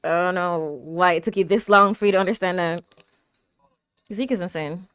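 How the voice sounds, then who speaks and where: A woman's voice: lowish voice, normal speed, a bit bright, clear, resonant tone, no echo. A woman hosting an anime reaction video, chatting casually and talking back at the screen, with frequent laughs and fillers. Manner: laughs often and coos at cute moments.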